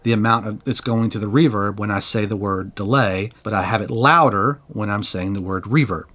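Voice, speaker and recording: A man's voice: lowish voice, moderate pace, fairly bright tone. A man hosting a casual music production tutorial, walking through his settings step by step.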